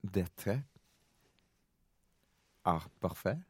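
A man joining a casual podcast chat, halting and good-humored. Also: low voice, expressive, breathy edge, no echo.

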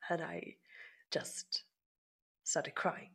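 A woman guitarist as a guest, candidly recounting a personal story, often laughing at herself and sometimes dropping to a soft murmur. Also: drawn-out words, in a whisper. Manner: reflective, frequent self-conscious laughs, drops to soft murmurs.

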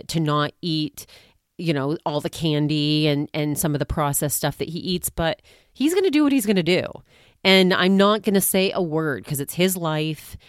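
A young woman talks through a story on her podcast in a loose, chatty way, slipping into little impressions of the people involved. Her voice sits low and sounds smooth and clear, and the recording is dry with no room sound at all. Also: no room sound. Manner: chatty and rambling, acts out quoted voices. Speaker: podcast host. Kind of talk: casual chat.

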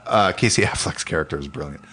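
A man's voice: a bass voice, quick pace, bright, forceful tone, husky. A man who works as an animation producer, chatting casually as a podcast co-host, swearing often and rambling with many restarts. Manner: profane, enthusiastic, rambling with restarts. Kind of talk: casual chat.

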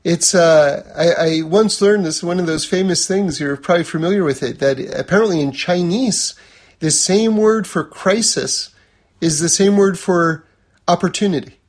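Male religious teacher, high husky voice, relaxed conversational lecturing with everyday examples. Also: normal speed.

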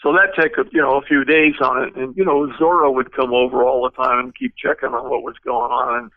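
A man's voice: mid-range voice, steady tone, brisk, narrow, tinny audio. An older man, a guest car designer, telling long rambling anecdotes with many fillers in an interview. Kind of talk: storytelling interview.

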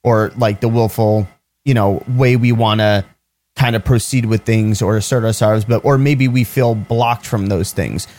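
A man's voice: lowish voice, fairly even intonation, unhurried, darkish tone. A man co-hosting a podcast in casual chat, hesitant and full of "like" fillers. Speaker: podcast co-host.

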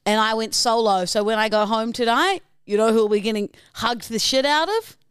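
A woman's voice: a little high, brisk, clear, resonant tone, dry recording, studio quality. A woman co-hosting a podcast, trading playful, sweary banter in casual chat. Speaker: podcast co-host.

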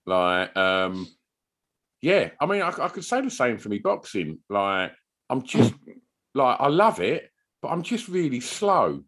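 Very animated, a male podcast co-host tells rambling stories and chats casually, swearing now and then. His voice is medium-pitched with a fairly bright tone, and he keeps a measured pace.

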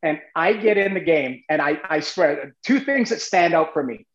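A man telling a long story in a casual, animated way, full of restarts. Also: a little high, moderate pace, roomy sound, dull audio. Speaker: guest, former goalie.

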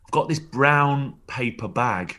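A man's voice: mid-range voice, lively intonation, slow, pushed and bright. A man, a former rugby player, telling rambling anecdotes with chuckles and frequent restarts in a casual interview.

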